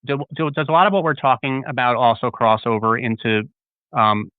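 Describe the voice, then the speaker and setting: A man's voice: mid-range voice, a little fast, dry recording. A man hosting a talk show, asking questions in an easygoing way and reacting with short interjections. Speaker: podcast host. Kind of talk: casual interview chat. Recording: thin phone-like sound.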